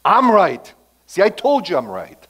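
Indignant male prophet, voiced by a man in a sermon: high, loud, insistent. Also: very animated, extremely slow, exaggerated voice. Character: indignant, self-righteous male prophet crying out.

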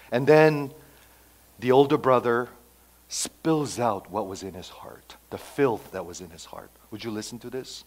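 A man's voice: mid-range voice, unhurried. Male pastor, sermon, dramatic dynamic swings, conversational. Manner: emphatic, swings from loud to hushed.

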